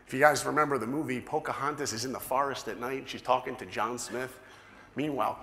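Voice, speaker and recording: A man from New York telling a lively personal story to an audience and acting out the dialogue. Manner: animated, acts out dialogue with big pitch swings. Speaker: speaker. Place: large hall. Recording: roomy hall echo.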